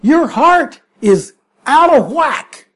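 A man's voice: extremely high pitch, big pitch swings, drawn-out words, fairly bright tone, pitched above the performer's own voice, full character voice. A preacher voicing a stern, displeased male angel within his sermon. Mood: scolding. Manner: stern, scolding.

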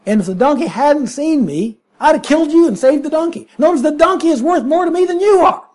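A man's voice: very high voice, expressive, quick pace, darkish tone, voice pushed up. A preacher voicing a stern, displeased male angel within his sermon. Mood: scolding. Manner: stern, scolding.

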